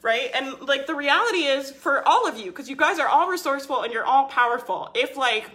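A woman with a slightly high, bright, forceful voice coaching her audience on a live stream. She talks casually and persuasively, hammering her points home with constant "like" and "right?". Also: lively intonation, a little fast. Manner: emphatic and persuasive, leans on "like" and "right?"; answers viewer comments by name. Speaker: business coach.

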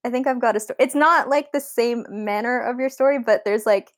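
Female podcast guest, fairly high voice, halting and hesitant delivery. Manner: hesitant, many fillers. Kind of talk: casual chat.

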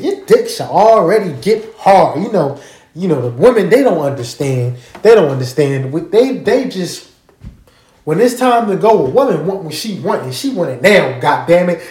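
A man casually telling a story straight to his listeners, animated and profane, often checking that they follow him. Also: high voice, normal speed. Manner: animated, profane, keeps asking listeners to agree. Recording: roomy echo.

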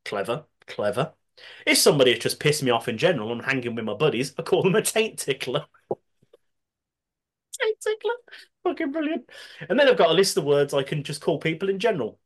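A man's voice: a little high, animated, fast. A man with a Brummie accent, co-hosting a podcast, reading out listener submissions with frequent laughter and casual swearing. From Birmingham, England. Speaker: podcast co-host.

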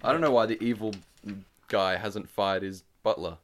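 Man, very low voice, podcast co-host, casual, joking, swears. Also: normal speed.

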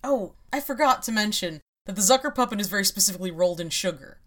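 A woman's voice: mid-range voice, animated, fast, a bit bright. A woman hosts a casual podcast chat. She explains her topic in a wry, rambling way, with frequent laughs. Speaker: podcast host.

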